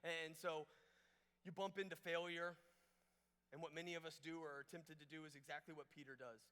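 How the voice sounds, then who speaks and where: A man's voice: a little high, little pitch movement, a little fast, pushed and bright. A man preaching a casual, storytelling youth camp sermon with playful asides. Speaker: camp speaker. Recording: long reverb of a large hall.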